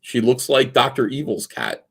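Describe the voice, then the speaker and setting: A man's voice: mid-range voice, huge pitch swings, moderate pace, vocal fry, a bit bright, husky. A man in his forties hosting a casual livestream from his home office, rambling and sarcastic, with plenty of fillers while he reads out viewer messages. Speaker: livestream host. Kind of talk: casual livestream chat reading super chats.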